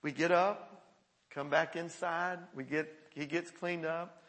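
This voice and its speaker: Bright-voiced male pastor preaching. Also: fairly high pitch, slow. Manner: animated storytelling with frequent chuckles. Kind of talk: sermon. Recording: echoey hall.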